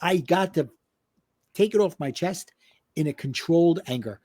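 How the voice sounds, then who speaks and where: A slightly high-voiced man in middle age, working as a life and business coach, relates a personal story in a podcast interview at normal speed. His delivery is animated, and he acts out the voices he quotes.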